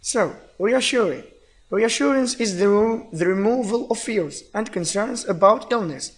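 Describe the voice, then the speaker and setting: A man's voice: sits high, animated, normal speed, slightly rough. A man with an Algerian accent giving a recorded English lecture, explaining step by step and reading example phrases aloud. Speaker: English teacher.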